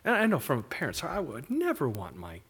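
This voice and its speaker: A middle-aged man preaching a sermon, animated, slipping into quick mock voices for the people in the story. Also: mid-range voice, breathy edge. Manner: animated preaching, mimics characters in asides. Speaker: pastor.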